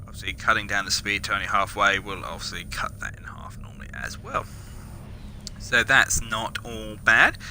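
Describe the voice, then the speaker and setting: A man's voice: lowish voice, steady tone, moderate pace, bright, forceful tone. A man reviewing a video game as he plays, chatting casually, muttering asides under his breath and throwing in playful exclamations. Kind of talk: casual gameplay commentary. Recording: noticeable background noise.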